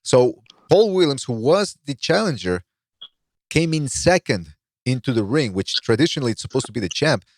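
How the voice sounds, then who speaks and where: A man's voice: mid-range voice, sing-song, moderate pace, no echo. A man hosting a casual podcast, telling stories and building up to the punchline. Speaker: podcast host.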